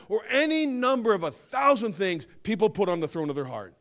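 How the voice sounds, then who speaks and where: A man preaching a sermon, emphatic, slowing down to stress key phrases and dipping into quieter asides. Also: high voice, very animated. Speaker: pastor.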